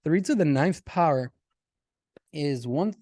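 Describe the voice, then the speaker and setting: A man teaching a casual math lesson, animated and talking directly to his students. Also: on the high side, slow pace, no echo, studio quality.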